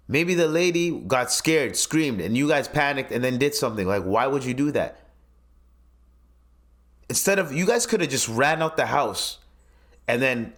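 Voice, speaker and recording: A man hosting a podcast, ranting in casual commentary, incredulous and swearing often. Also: mid-range voice. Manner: animated, swearing, incredulous rants. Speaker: podcast host.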